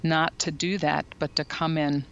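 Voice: mid-range voice, level tone, measured pace, gravelly, a bit bright, a little hiss or hum. Thoughtful podcast guest, slightly dull audio. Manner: thoughtful, many fillers and restarts, explanatory. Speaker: podcast guest and parenting educator. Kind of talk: casual podcast conversation.

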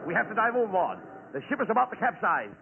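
Brief: commanding straight man, gravelly and lively, tinny noisy vintage radio. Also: high-pitched, fast. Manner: bossy, impatient, commanding. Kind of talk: 1940s radio comedy acting.

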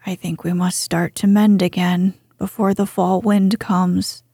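A kindly old grandfather, tender and content, in a soft whispered role-play, as a woman puts him on. His voice sits a little lower and stays breathy and hushed. It is slow and mellow, recorded close and dry. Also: flat delivery, no echo, exaggerated voice.

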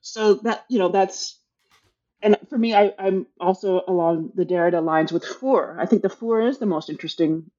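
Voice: medium pitch, moderate pace, dark tone, highs cut off. An author talking casually about their book, hesitant and thinking aloud, with many restarts. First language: English.

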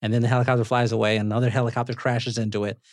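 Male podcast host, mid pitch, animated storyteller, casual and profane, dry booth sound. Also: very fast, dry recording. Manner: animated storyteller, swears, laughs often.

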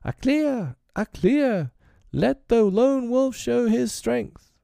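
A man voicing a pack of young male wolves, howling and yelling in a storybook reading. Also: extremely high pitch, animated, takes it slowly, gravelly, no room sound, studio quality, pitched above the performer's own voice, exaggerated voice. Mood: wild, baying.

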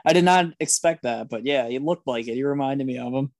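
A man co-hosting a podcast in relaxed, casual chat, easygoing and often chuckling. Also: medium pitch, a little fast, no echo, clean studio sound. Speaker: podcast co-host.

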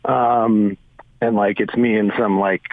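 A man's voice: lowish voice, little pitch movement, slow, no room sound. A man calls into a sports radio show and breaks down the team at length, rambling and thinking aloud as he goes. His voice comes through a thin, tinny phone line with a dry, close sound. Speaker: team radio broadcaster, guest. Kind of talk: casual sports radio analysis.

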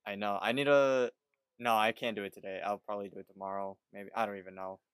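A man with a low, smooth and resonant voice co-hosts a podcast in a relaxed, loose way and swears freely. His voice sounds dry and close, with little room sound. He is chatting casually with a friend. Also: fast talker, no echo. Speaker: podcast co-host. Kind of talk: casual chat.

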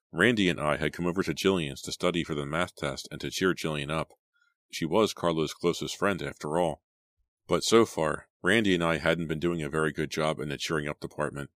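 A man narrating an audiobook in a steady, dramatic storytelling manner. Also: rumbling low, fairly quick, dry recording. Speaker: audiobook reader.

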